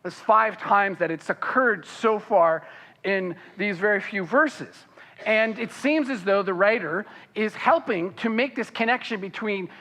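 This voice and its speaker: A pastor preaching a sermon, reading scripture aloud and then explaining it, with frequent fillers and restarts. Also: male voice, unhurried, long reverb tail. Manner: animated, voicing the characters' protests with rising pitch.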